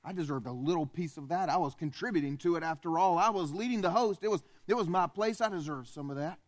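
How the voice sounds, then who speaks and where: A preacher putting on a seething, scornful Satan. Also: male voice, a little high, fast talker, close to an everyday voice. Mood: seething resentment. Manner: bitter, boastful, scornful muttering. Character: seething proud male fallen angel, Satan. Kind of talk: dramatized sermon monologue.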